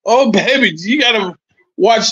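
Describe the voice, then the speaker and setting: A man in his sixties, a former boxer, telling animated, profane stories as a podcast guest, repeating his points. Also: high voice, measured pace, slightly rough, dry recording, low-quality recording. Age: 60s. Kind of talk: casual podcast chat.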